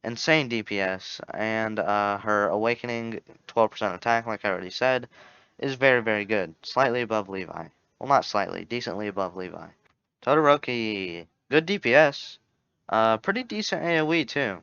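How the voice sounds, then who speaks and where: A man's voice: fairly low pitch, expressive, normal speed, gravelly, a bit bright, clear, resonant tone, no room sound. A young man giving casual, rambling commentary on a game tier list, often correcting himself and joking. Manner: rambling, self-correcting, jokey. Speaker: gaming YouTuber. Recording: dull lo-fi home mic.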